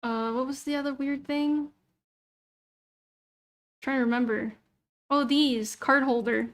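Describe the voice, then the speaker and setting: High-voiced young woman muttering as she browses. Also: steady tone, measured pace, fairly bright tone. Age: young adult. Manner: muttering to herself while browsing, swears freely. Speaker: VTuber streamer. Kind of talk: casual livestream chat.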